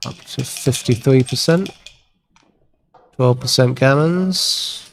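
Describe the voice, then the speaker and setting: A man calls a backgammon match live in a chatty, easygoing way, tossing in wry jokes and playful sound effects. His voice sits at an ordinary middle pitch. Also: takes it slowly, a little hiss or hum. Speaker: commentator.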